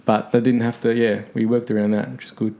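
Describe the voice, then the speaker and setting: A man's voice: mid-range voice, flat delivery, fairly quick, creaky, warm tone, lo-fi sound. An Australian man chatting casually as a podcast guest, laid-back and joking, with the odd swear word.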